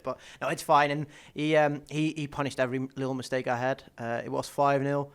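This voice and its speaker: A man's voice: medium pitch, level tone, fast talker, hardly any pauses, clear, resonant tone. A young man, a professional darts player, answering interview questions casually, restarting words and laughing often. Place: stadium media day.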